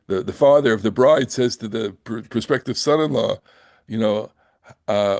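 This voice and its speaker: An older man teaching a Bible class. He reads Hebrew verses slowly, translates them, and talks in a halting way with many fillers and restarts. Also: lowish voice, animated, gravelly, a little mellow, dry recording, studio quality. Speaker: Torah teacher.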